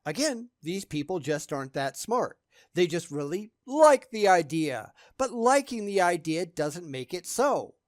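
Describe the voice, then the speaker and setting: A man's voice: high-pitched, big pitch swings, a little slow, dry recording, clean studio sound. A man giving sarcastic reaction commentary, blunt and scornful in how he talks.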